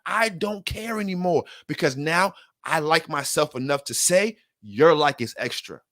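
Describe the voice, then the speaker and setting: A man's voice: on the high side, fairly bright tone, no echo, studio quality. A man giving an earnest motivational self-help talk straight to the listener, in casual slang, often repeating himself and getting worked up. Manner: earnest, repetitive, gets worked up.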